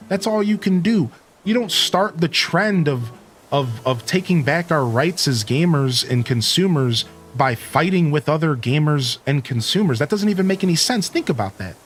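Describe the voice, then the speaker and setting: A man's voice: fairly high pitch, a bit bright. A man hosting a live stream, giving an earnest, preachy rant to his viewers with casual slang. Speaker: Twitch streamer and host.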